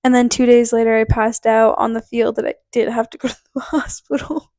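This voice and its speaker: Speaking briskly in a slightly high, somewhat mellow voice with flat delivery, a young Connecticut woman shares a personal story on her podcast. The dry studio-quality recording catches her casual, laughter-filled storytelling, heavy with "like."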